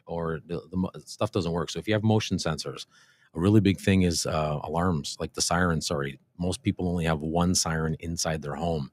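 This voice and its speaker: A police officer hosting a casual livestream Q&A, explaining things in a relaxed way with many fillers and restarts. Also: male voice, low-pitched, fairly quick, no room sound. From Canada. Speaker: police constable and show host. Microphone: desk microphone, briefly too far from it.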